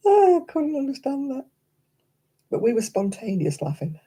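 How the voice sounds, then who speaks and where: A woman's voice: high-pitched, wildly swooping pitch, moderate pace, mellow, breathy edge. An older woman hosting a crafting livestream, telling stories in casual chat and laughing often as she talks. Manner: chatty anecdotal storyteller, laughs often.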